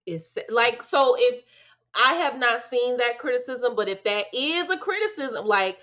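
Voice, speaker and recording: A woman co-hosting a casual chat, talking bluntly in with animated, slangy rants. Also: a little high, measured pace. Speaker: podcast co-host. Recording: dull lo-fi sound.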